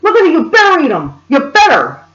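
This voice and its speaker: A woman's voice: high voice, wildly swooping pitch, a little fast, a bit bright, voice pushed up, exaggerated voice. A woman voicing a frantic young mother who screams repeated orders at her children. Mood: guilt-tripping. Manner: screeching, bossy, repeats orders. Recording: roomy, dull lo-fi sound.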